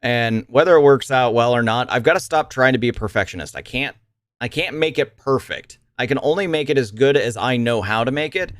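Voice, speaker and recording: A man's voice: medium pitch, fairly bright tone, no room sound, studio quality. A young man streaming live, chatting casually to his viewers, rambling and swearing freely with frequent laughs and restarts. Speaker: livestreamer.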